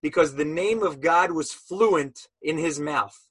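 A man's voice: fairly high pitch, a little slow, a bit bright, husky. A man teaching a Torah lesson as a sermon, telling stories animatedly and asking rhetorical questions.

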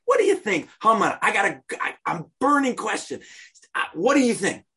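A man voicing an excitable, generous ancient king who talks in breezy, eager slang. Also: sits high, moderate pace, slightly rough, exaggerated voice.

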